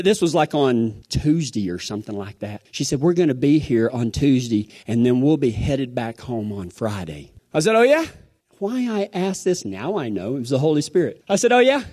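A preacher man with a lilt delivers a sermon in a folksy, storytelling way. His voice sits high and swings widely as he presses his points with emphatic conviction. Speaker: pastor.

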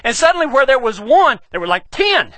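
A middle-aged pastor with a West Texas accent tells a funny story in an animated, folksy way. His voice is high and bright, and it swings widely in pitch. The sound is dry and close. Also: fairly quick, no echo. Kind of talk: humorous storytelling sermon.

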